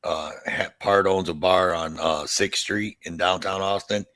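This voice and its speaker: A man guest on a video call, chatting casually, eager and halting, often restarting his sentences. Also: low-pitched, fairly even intonation, fairly bright tone, no echo. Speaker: podcast guest. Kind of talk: casual chat.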